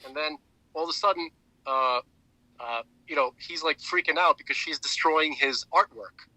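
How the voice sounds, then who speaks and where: Bright, dry-voiced man rambling animatedly. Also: on the high side, normal speed, no room sound, low-quality recording. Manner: rambling, animated retelling with many restarts and fillers. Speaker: podcast co-host. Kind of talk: casual chat.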